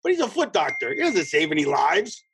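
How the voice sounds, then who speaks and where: A man telling a backstage story as an interview guest, rambling and animated, with a husky voice. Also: a little high, brisk, background noise. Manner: rambling, animated, lots of restarts and quoted dialogue. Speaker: guest, former pro wrestler.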